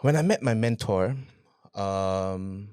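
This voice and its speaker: A man, a podcast guest telling his business story in a casual interview, animated, repeating phrases and asking rhetorical questions. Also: on the low side, slow pace, clear, resonant tone, no room sound, clean studio sound.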